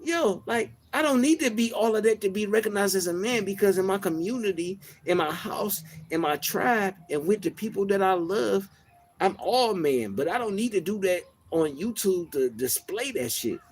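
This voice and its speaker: A soft-spoken man from Detroit hosts a casual livestream monologue at normal speed. His high-pitched voice is soft and even-toned, and he talks in a slangy, reflective way full of filler phrases.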